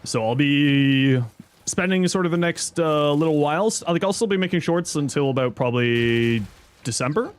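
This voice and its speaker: Male streamer, casual chat, lively swooping pitch, reads chat aloud, thanks subscribers. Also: normal speed, smooth. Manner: squeaky high-pitched outbursts of surprise. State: chewing an apple. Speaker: livestreamer.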